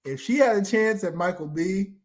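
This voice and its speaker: A man's voice: sits high, moderate pace. A man hosting a casual podcast chat, talking emphatically and repeating himself for stress. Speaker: podcast host.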